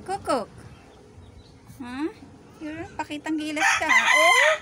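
Woman vlogger for backyard animal-chat clips: slow, singsong delivery, fussing over her pets, roosters crowing loudly behind her. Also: big pitch swings, background noise. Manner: coos and fusses at her animals, with sudden high squeals. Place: outdoor backyard with chickens.

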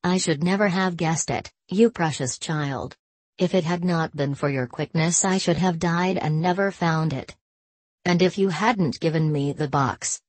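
A gentle old spinster from a storybook, spoken slow and thoughtful by a woman reading her lines. The voice sits low and the sound is dry and close. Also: no room sound. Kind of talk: storybook character voice.

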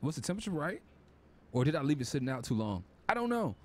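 Slightly high and very animated, this man's voice moves quickly as he gives casual commentary on a cooking game. He's a gaming YouTuber who grows flustered and panicky while talking to viewers, loud game music underneath.

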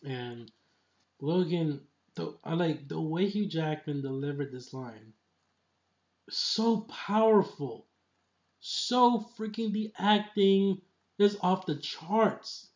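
A man's voice: on the high side, slow, darkish tone, highs cut off. A man giving a casual, enthusiastic film review, rambling with lots of filler phrases. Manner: enthusiastic, rambling, full of "you know".

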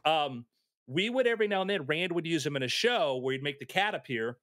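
A man telling anecdotes in a casual chat, animated and acting out the voices of people in his stories. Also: a little high, brisk, no echo. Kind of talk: casual storytelling.

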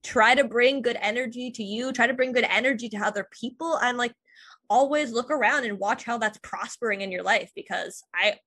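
Young woman guest, higher voice, dry close sound, chatty with lots of "like". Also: a little fast, a bit bright, breathy edge, no echo. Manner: chatty, fills speech with "like", laughs easily. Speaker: podcast guest. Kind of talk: casual conversation.

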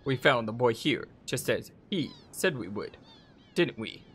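A man voicing a gruff male soldier captain who gives stern, threatening orders. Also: medium pitch, very animated, a little slow, fairly bright tone, a little hiss or hum. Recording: music playing behind voice.

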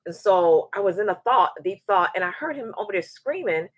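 A woman in her forties hosting a live show, chatting and telling a story in a lively way, often restarting her sentences. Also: mid-range voice, a little fast, breathy edge, no room sound. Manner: animated, repeats words as she restarts, acts out quoted voices. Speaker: show host. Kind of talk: casual livestream chat and storytelling.

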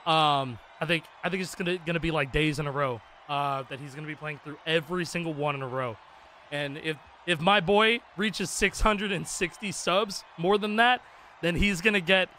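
A man's voice: fairly high pitch, a little fast, a little hiss or hum. A man streaming a rhythm game, chatting casually with viewers in a rambling, profane way full of fillers. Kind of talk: casual live-stream chat. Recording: game music playing loudly behind.

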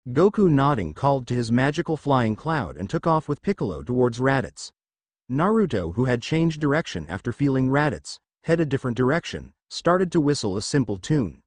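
A man narrating a fan-fiction story in a steady reading voice. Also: medium pitch, normal speed, dry recording.

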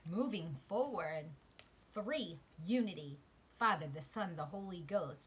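A woman giving a spiritual tarot reading to her viewers, emotional, shifting from quiet murmurs to excited exclamations. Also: on the low side, unhurried, slightly rough. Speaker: tarot card reader. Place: outdoors.

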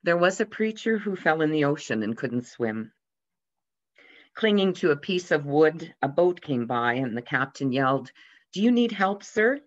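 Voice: mid-range voice, moderate pace. A pastor preaching a sermon, telling light humorous anecdotes and briefly raising the voice for the quoted characters. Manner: gently storytelling, lively voices for quoted characters. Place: church. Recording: dull lo-fi sound.

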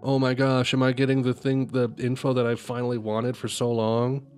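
A man streaming live as he reads a comic and reacts to it, gushing and excitable. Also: mid-range voice, normal speed, faint music behind.

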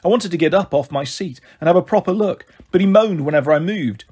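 A man reading a children's novel aloud in steady first-person narration. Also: high voice, fast talker, husky. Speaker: storyteller.

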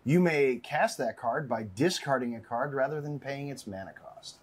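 Give me a relaxed man with a slightly husky voice calling card game plays. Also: medium pitch, normal speed. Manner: relaxed, reads card text aloud. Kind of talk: casual game chat.

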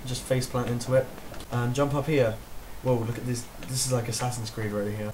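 A man records goofy, jokey let's-play commentary on a desktop mic, talking to himself as he plays. His medium-pitched voice is level, brisk and a little mellow, with slight background noise on a rough recording.

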